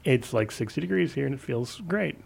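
A man's voice: mid-range voice, animated, creaky, a little mellow, slight background noise. A man from the Kansas City area, a guest apologist in a radio studio, answering callers with fluent explanations. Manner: fluent explanatory, quick bursts.

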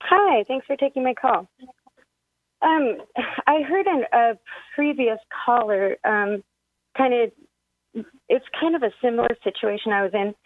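A tearful woman caller, heard over a thin, tinny phone line, with a high voice. She talks in a halting, emotional way and chokes up as she shares her story. The sound is dry and close. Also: dry recording. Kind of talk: call-in radio conversation.

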